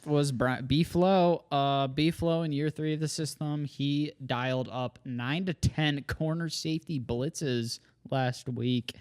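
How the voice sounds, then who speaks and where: A man's voice: a little high, steady tone, slow, hardly any pauses, darkish tone, clean tone. A man co-hosting a sports podcast in casual chat, often hesitating and restarting his sentences. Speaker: podcast co-host.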